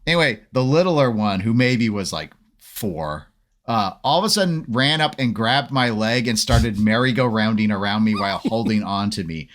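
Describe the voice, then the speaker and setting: A man's voice: lowish voice, animated, moderate pace, a bit bright. A man co-hosting a podcast, telling stories in casual chat with playful acted-out quotes. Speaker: podcast co-host.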